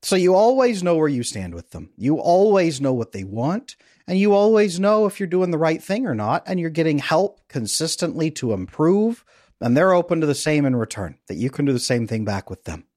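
A middle-aged man, a relationship coach, talking as a podcast guest in a lively, playful, guiding way. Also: fairly high pitch, normal speed, dry recording, clean studio sound. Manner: energetic, playful, guides listener through an exercise. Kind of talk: conversational interview.

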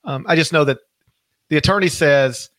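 A man's voice: fairly high pitch, moderate pace, a bit bright, dry recording. A middle-aged man hosting a podcast, talking casually, rambling and correcting himself, stressing key words. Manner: rambling, self-correcting, emphatic. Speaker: podcast host.

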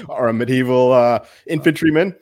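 A man's voice: mid-range voice, a little mellow, no room sound. A man co-hosting a sports betting podcast, chatting casually with a dry, teasing manner. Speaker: podcast co-host.

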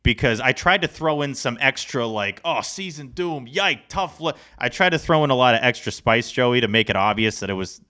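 A man co-hosting a sports podcast, talking in a casual, animated, rambling way. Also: medium pitch, a little fast, few pauses, clear, resonant tone. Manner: animated, rambling, self-deprecating. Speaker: podcast co-host.

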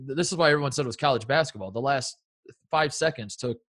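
A man co-hosting a casual sports chat, excitable and laughing as he acts out coaches' rants. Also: mid-range voice, fast talker. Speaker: co-host.

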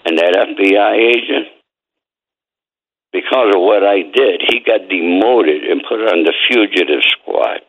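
Older new guy, gravelly voice, tells it straight and swears a lot, sounds like he's on a phone line. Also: sits low, lively intonation, measured pace. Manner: streetwise, blunt, swears freely. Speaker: guest, former mob associate and author. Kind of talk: storytelling interview.

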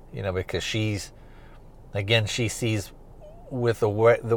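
A man hosting a podcast, recapping a TV episode in a loose, rambling way with lots of fillers like "kinda" and "you know". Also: low voice. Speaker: podcast host reviewing a TV series.

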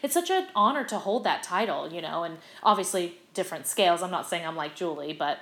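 A middle-aged woman, a stage actress, telling stories as a guest in a casual interview, animated and full of fillers. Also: on the low side, fairly quick. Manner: animated, chatty, lots of fillers. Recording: roomy echo.

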